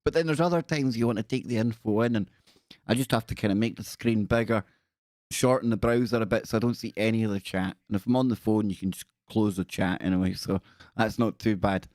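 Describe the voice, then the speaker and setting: A man's voice: fairly low pitch, brisk, darkish tone, no room sound. A man hosting a live stream in a casual, chatty way, greeting viewers by name and making joking asides. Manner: jokey, self-deprecating asides.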